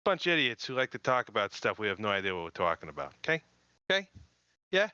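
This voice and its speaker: A man's voice: fairly low pitch, very animated, fast, sharp tone, clear, resonant tone, no room sound, lo-fi sound. A man voicing a pushy male street hustler with a put-on New York Boston accent and wheedling, swaggering patter. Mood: coaxing.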